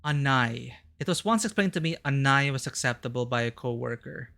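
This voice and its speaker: A man's voice: mid-range voice, fairly quick, vocal fry. A man streaming a game, chatting casually and musing aloud between lines. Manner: relaxed, muses aloud.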